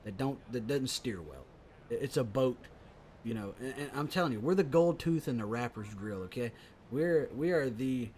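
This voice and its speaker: A man co-hosting a casual comedy podcast, riffing in loud, profane rants. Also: medium pitch, normal speed. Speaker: podcast co-host.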